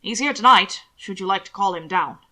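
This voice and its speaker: Woman putting on a flustered portly old gentleman. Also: medium pitch, lively intonation, brisk. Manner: flustered, fretful, loud. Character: portly fussy older male official in a dress.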